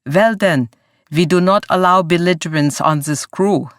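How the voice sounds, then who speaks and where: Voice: medium pitch, moderate pace, no echo, clean studio sound, natural voice. A narrator doing a stiff, nervous foreign foreman. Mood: stern. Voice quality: stiff formal English, foreign accent. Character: slight, nervous foreign crew boss, man.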